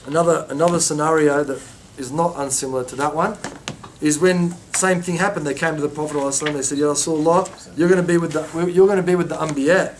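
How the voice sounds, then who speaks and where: Male teacher, informal lesson delivery, acts out quotes; slightly raised pitch, faint room rumble. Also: steady tone, quick pace. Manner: acts out quoted voices with rising pitch, many restarts. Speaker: religious teacher.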